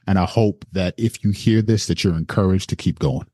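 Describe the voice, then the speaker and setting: Deep-voiced man, earnest and encouraging. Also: moderate pace, darkish tone, dry recording, clean studio sound. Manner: earnest, encouraging, speaks in lists. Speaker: assistant principal, podcast guest. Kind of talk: casual interview conversation.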